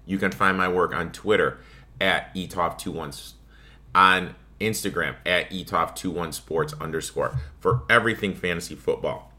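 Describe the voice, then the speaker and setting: A man's voice: sits low, normal speed, sharp tone. A man hosting his own sports betting podcast, talking casually and ranting with plenty of swearing. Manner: profane, ranting, offhand. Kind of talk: casual solo podcast monologue.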